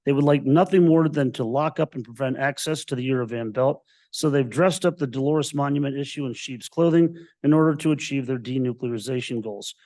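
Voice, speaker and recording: A man's voice: medium pitch, brisk, hardly any pauses, a little mellow. A man running for Congress, from Colorado's Western Slope, reading a combative prepared public comment to county commissioners. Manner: combative, emphatic, repeated strong claims.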